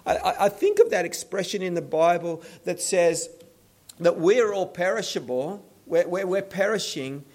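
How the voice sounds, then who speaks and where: A man preaching a sermon in an earnest voice, often restarting his words and dropping to a hushed tone. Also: high-pitched, animated, moderate pace. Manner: earnest, stumbling restarts, pleading then hushed. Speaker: pastor.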